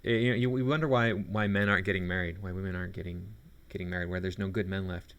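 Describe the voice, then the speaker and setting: A man's voice: sits low, fairly even intonation, fast talker, fairly bright tone. A man commenting on a video clip, talking in a sarcastic, scornful way. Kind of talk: reaction commentary.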